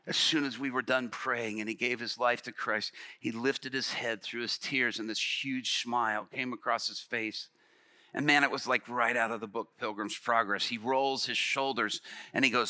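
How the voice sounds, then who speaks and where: A man preaching and telling a story. He delivers it dramatically and swings from a near whisper to loud outbursts. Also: medium pitch, steady tone, moderate pace, no room sound. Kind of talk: sermon storytelling.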